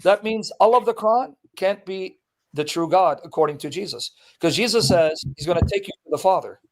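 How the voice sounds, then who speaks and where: A man's voice: high voice, brisk. A man debating a Muslim, insistently challenging him and reading scripture verses aloud with emphasis. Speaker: Christian apologist debating a Muslim.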